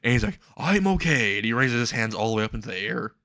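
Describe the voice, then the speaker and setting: A man's voice: fairly low pitch, level tone, rapid-fire, creaky, sharp tone, dry recording. A man narrating an improvised comedic fan story in a rambling way, laughing at his own jokes.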